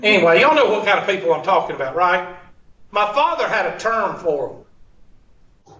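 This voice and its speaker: Speaking at normal speed, a man with a pushed, bright, high-pitched, sing-song voice leads a classroom math lecture. He jokes bluntly and goes off on story tangents, captured in a roomy, distant, dull lo-fi room recording.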